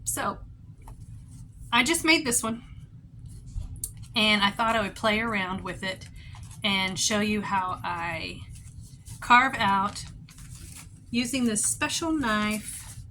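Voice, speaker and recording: A woman in her fifties talks through a homemade craft project in a loose show-and-tell way. Her voice is bright and forward, and she rambles cheerfully, breaking into sudden excitement. Her pitch sits in the middle, and a faint hiss of room noise runs underneath. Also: takes it slowly, pauses often. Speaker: craft vlogger. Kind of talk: casual show-and-tell tutorial.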